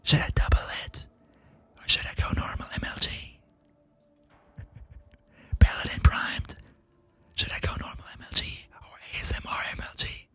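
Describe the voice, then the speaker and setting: A man putting on a breathy ASMR whisper for a whispered role-play, hushing an excited esports commentary as a game streamer. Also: unhurried, pauses often, natural voice. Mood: hushed hype. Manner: hushed, playful hype.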